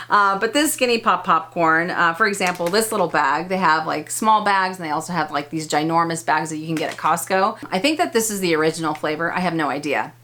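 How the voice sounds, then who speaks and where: A woman's voice: fairly low pitch, moderate pace, pushed and bright, a little hiss or hum. A woman in her thirties giving a casual, chatty product review as a vlogger, enthusiastic and full of fillers. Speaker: beauty vlogger.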